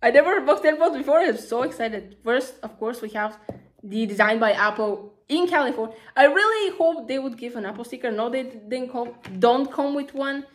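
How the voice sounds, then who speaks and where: A woman talking casually through an unboxing, excitable and chatty, gushing over each item with lots of fillers. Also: fairly high pitch, moderate pace. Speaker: vlogger.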